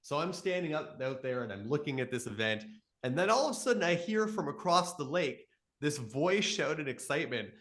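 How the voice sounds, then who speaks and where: Enthusiastic man, lively expressive pitch. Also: brisk. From Canada. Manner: enthusiastic storytelling, animated voices in quotes. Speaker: astronomy educator. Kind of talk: live Q and A explanation.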